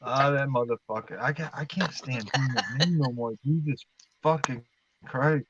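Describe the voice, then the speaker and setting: A man's voice: mid-range voice, background noise. Rambling, profane man on a lo-fi stream. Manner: rambling storyteller, profane, halting with fillers. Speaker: livestream guest. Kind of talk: casual livestream chat. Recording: dull lo-fi sound.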